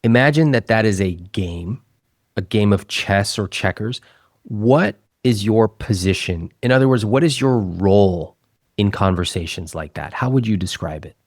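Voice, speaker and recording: Calm low-voiced male interviewer, dry close sound. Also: moderate pace, no echo. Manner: calm, probing questions, quotes others' words back. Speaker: host, financial advisor. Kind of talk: probing interview conversation.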